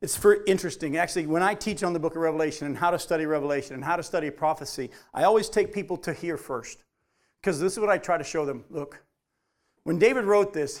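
A man preaching a sermon, reading scripture aloud and driving points home with animated emphasis. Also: a little high. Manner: animated preaching, voice rising on quotes. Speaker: pastor.

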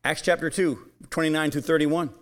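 This preacher's voice is a little high, with fairly even intonation and a moderate pace. He reads from the Bible and emphatically questions his audience during the sermon.

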